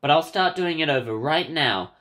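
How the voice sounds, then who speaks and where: A man's voice: fairly high pitch, expressive, normal speed. A man reading as a sweet, apologetic schoolgirl senpai. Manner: soft, apologetic, clingy. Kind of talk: reading game dialogue aloud.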